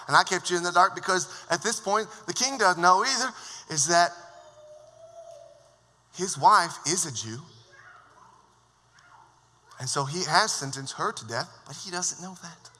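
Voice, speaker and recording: Joking male preacher, bright tense voice. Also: high-pitched. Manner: lively, joking storytelling with acted asides. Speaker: worship leader. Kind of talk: sermon. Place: church sanctuary. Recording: long church hall reverb.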